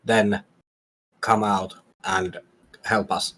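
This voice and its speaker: A stoic sneaking expert speaks in a low, unhurried voice, pausing often between words, voiced by a man. He sounds calm and steady. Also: poor audio. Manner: slow, halting, measured. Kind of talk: tabletop game character voice.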